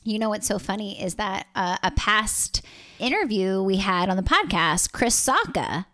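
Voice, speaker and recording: A woman's voice: medium pitch, expressive, moderate pace, pushed and bright. A woman with a mid-range voice co-hosting a casual podcast. She chats in a friendly, easygoing way and laughs easily. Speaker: podcast co-host.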